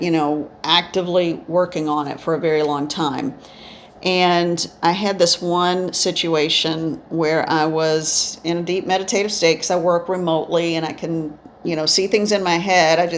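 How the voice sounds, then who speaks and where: A spiritual medium with a low-leaning voice recounts her experiences indoors, eyes often closed as she talks. Her instructional storytelling is rambling and reflective with many restarts, over slight background noise.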